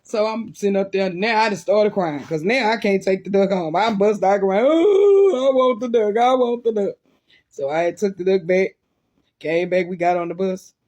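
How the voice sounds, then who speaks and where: Husky woman, casual animated storyteller, laughs often. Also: mid-range voice, normal speed. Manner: animated, laughing, vivid sound effects.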